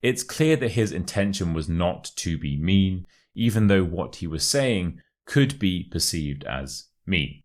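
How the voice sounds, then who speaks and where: A man with a modern Received Pronunciation English accent, giving a scripted English lesson in a clear, deliberate way and leaning on key words. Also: low-pitched, animated. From United Kingdom. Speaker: English teacher. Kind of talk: scripted teaching monologue. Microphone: laptop recording setup.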